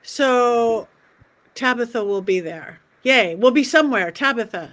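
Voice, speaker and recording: A woman's voice: on the high side, lively intonation, unhurried, fairly bright tone. A woman hosting a livestream panel, chatting through her upcoming events in a rambling way over a video call. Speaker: host. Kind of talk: casual livestream chat.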